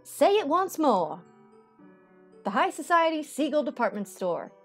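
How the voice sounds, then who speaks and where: A snooty seagull clerk lady with a Southern US drawl who lingers over every prim word, as a woman puts her on. She sounds haughty and slow, looking down her beak at everyone. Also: high-pitched, big pitch swings, faint music behind, voice pushed up, heavily acted. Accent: Southern US (put on).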